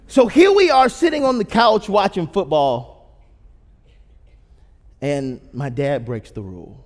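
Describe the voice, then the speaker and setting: A man's voice: on the high side, big pitch swings, measured pace, pauses often. A man in his thirties, a pastor telling a humorous story in a sermon and asking the audience questions. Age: 30s. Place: church auditorium. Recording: long hall reverb.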